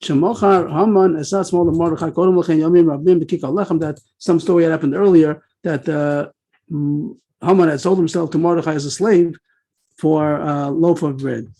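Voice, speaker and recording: A man teaching a Talmud class over a video call, rattling off the text quickly and then explaining it with many pauses and fillers. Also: fairly high pitch, steady tone, mellow, low-quality recording.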